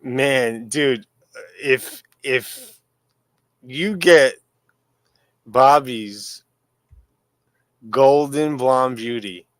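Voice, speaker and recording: Man, co-host, slow easy talk, crude jokes, dry sound. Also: mid-range voice, no room sound. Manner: laid-back, laughs often, crude jokes. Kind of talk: casual livestream chat.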